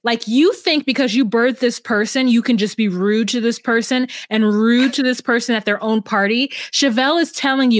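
A woman's voice: on the high side, normal speed, hardly any pauses, no echo, clean studio sound. A woman co-hosting a podcast, chatting casually about a reality show and acting out the people in it. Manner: animated, acts out voices of people she retells. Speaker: podcast co-host.

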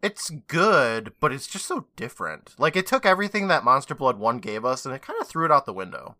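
A man co-hosting a podcast in casual chat, jokey and quick to laugh. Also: medium pitch, no echo, clean studio sound. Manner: animated, jokey, laughs often. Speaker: podcast co-host.

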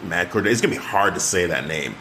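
A man co-hosting a casual chat, talking with excited, rambling enthusiasm and frequent restarts. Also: low-pitched, fast talker, a little hiss or hum. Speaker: podcast co-host.

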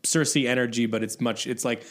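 A man's voice: medium pitch, steady tone, a little fast. A man co-hosting a podcast in casual chat, talking in a dry, blunt and offhand way. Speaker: podcast co-host.

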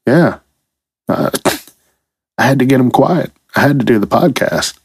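A man's voice: medium pitch, animated, unhurried, creaky, husky, dry recording, clean studio sound. A man hosting a comedy podcast, delivering a profane, exasperated solo rant. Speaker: podcast host.

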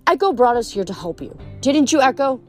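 A woman's voice: sits high, big pitch swings, a little fast, faint music behind, voice pushed up. A woman reading aloud, voicing a firm, impatient teenage girl who speaks sharply and insistently. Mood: exasperated, insistent.

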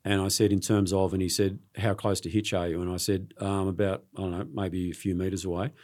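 A man's voice: deep voice, flat delivery, a little mellow. Earnest Australian man telling stories. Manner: earnest, halting, repeats words as he recounts. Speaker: sports journalist guest. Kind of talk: casual interview storytelling.

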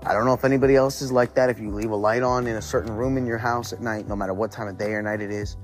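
A man with a fairly low voice recounts a frightening night in loose, rambling podcast talk, swearing often. Faint music sits quietly under his voice. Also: steady tone, very fast. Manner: profane, rambling, conversational. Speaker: podcast host. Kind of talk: casual spooky storytelling.

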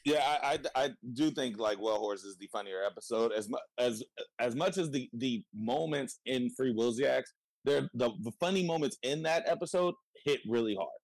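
A man talking casually on a podcast, his voice sitting at an ordinary middle pitch. He laughs easily and retells scenes with animated quoted voices. The sound is dry and close, with no room around it. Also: normal speed, no echo. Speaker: podcast co-host.

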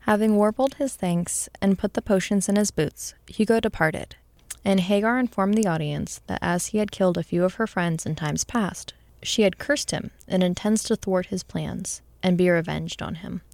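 Brief: woman storybook narrator, measured and expressive, gravelly low voice, dry close mic. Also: no echo.

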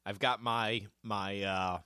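A man co-hosting a trivia podcast in casual chat, joking and thinking out loud as he works through answers. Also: lowish voice, steady tone, slow pace, a little hiss or hum. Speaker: podcast co-host.

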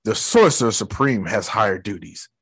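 A man voicing a stern, salty male sorcerer who grumbles in a flat, lowered voice. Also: moderate pace, slightly rough, heavily acted. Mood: proud.

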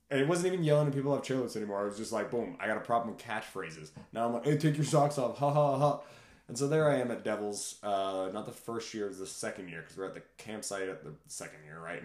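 Animated man telling stories, roomy echo. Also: lowish voice. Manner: animated, laughing, shouts out catchphrases. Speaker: podcast guest. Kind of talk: casual storytelling chat.

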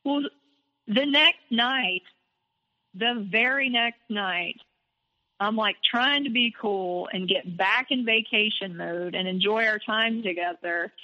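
A woman's voice: mid-range voice, slow, sharp tone, long reverb tail, muffled recording. A woman guest on a podcast, telling a personal story candidly and animatedly, with frequent filler words.

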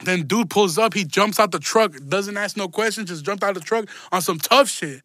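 High bright-voiced young man telling a story. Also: moderate pace, dry recording, studio quality. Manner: slangy, profane, laughs through his story. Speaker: podcast host. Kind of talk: casual storytelling.

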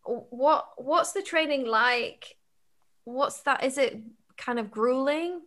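A woman hosting an interview, asking questions with gushing, excitable enthusiasm. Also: high-pitched, takes it slowly. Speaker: interviewer, podcast host and cast member. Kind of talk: casual interview chat.

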